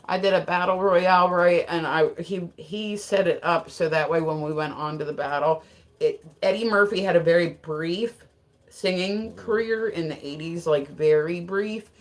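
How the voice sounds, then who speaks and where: A woman's voice: lowish voice, normal speed. Woman streamer, chatty and frank, keeps saying like, jokes around. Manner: rambling, frequent filler words; joking and frank. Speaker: live streamer. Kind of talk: casual live-stream chat.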